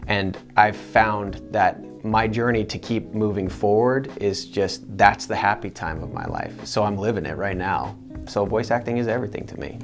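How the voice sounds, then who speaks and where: Earnest low-voiced male voice actor. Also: normal speed, faint music behind. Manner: earnest, animated storytelling. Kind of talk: interview answers to camera.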